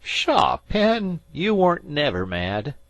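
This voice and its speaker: A man's voice: a little high, wildly swooping pitch, slow, a bit bright, dry recording, voice pushed up, exaggerated voice. A man voicing a fretful old sea farmer who talks in a rustic dialect. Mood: pleading.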